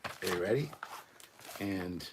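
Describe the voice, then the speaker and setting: A man's voice: deep voice, lively intonation, takes it slowly, noisy background. A man hosting a casual livestream, reading trivia and bantering loosely with chat, swearing and a bit drunk. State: drinking, slightly drunk. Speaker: livestream host.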